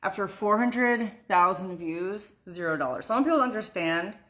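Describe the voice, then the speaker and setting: A woman's voice: medium pitch, animated, moderate pace, bright, forceful tone. A young woman talking casually on a live stream from home, blunt and swearing freely as she answers her viewers by name. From United States. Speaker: vlogger answering live chat.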